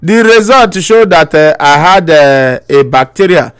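Nigerian man, pidgin accent, slightly higher voice, comic mock-bishop on a live stream, laughs a lot. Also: animated, a little slow, clean tone. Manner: playful mock preaching, laughs often between lines. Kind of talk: live-stream comedy, reading viewer comments.

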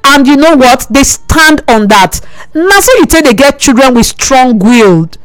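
A woman with a Nigerian Pidgin accent hosts a radio advice segment, her voice high and bright. She talks earnestly and repeats her points for emphasis, and the sound is close and dry. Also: expressive, unhurried, no echo, faint music behind, rough recording. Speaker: radio host. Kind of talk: call-in advice talk.

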